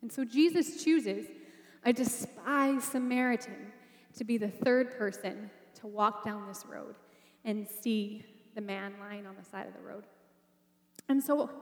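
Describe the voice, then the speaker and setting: A woman with a high voice preaches a sermon, telling the story in a relaxed, conversational way. She keeps pulling in her listeners with rhetorical questions. Her voice rings through a large hall with a long reverb. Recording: echoey hall.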